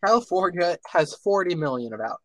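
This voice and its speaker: A man's voice: sits high, expressive, a little fast, no echo, rough recording. A man from Minnesota chatting earnestly on a voice call, rambling with plenty of restarts. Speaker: chat participant. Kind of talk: casual online voice chat.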